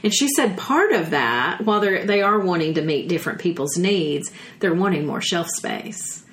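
Southern lady podcast cohost, lowish voice, chatty and folksy, reads bits of an article. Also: normal speed. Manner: chatty, animated, folksy exclamations. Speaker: podcast co-host. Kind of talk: casual chat, reading from an article.

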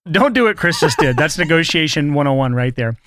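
A man's voice: a little high, animated, a little fast, fairly bright tone, no room sound, clean studio sound. A young adult man co-hosting a podcast, teasing his partner in a wry, casual chat. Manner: teasing, wry, laughs often. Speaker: podcast co-host.

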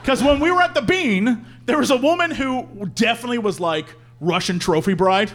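Male podcast co-host, high and very lively voice, live-show storyteller who acts out the people in his tales. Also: a little fast.

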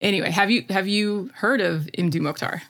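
A woman's voice: medium pitch, brisk, a bit bright. A woman with a Midwestern accent, co-hosting a casual chat about music with lots of enthusiasm and fillers. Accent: Midwestern American. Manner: enthusiastic, chatty, many fillers. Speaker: podcast co-host.

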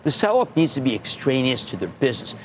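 A man's voice: mid-range voice, sing-song, fast, slight background noise. A middle-aged man hosting a finance TV show, talking in an emphatic, theatrical way with punchy delivery and sudden bursts of emphasis. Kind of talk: animated market commentary.

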